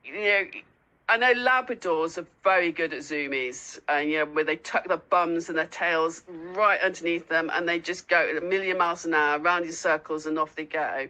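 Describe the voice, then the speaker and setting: A woman guest in a casual interview, telling lively stories with lots of laughter and squeaky acted-out asides. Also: moderate pace, rough recording. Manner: giggly storyteller, acts out lines in a high squeaky voice. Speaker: guest, dog owner and foster carer.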